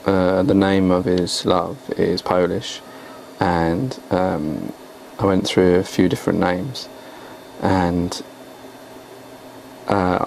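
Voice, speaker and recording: A man's voice: sits low, gravelly, darkish tone, a little hiss or hum, poor audio. A man talking casually on his video blog about his poems, in a rambling, hesitant, self-deprecating way. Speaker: poet and vlogger.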